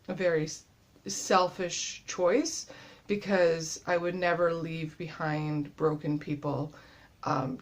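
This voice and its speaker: A woman in her thirties talks straight to her viewers in a casual video diary. Her voice sits a little low, and she sounds winded and run down. She speaks haltingly, with frequent pauses and fillers. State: winded, tired from illness. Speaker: vlogger.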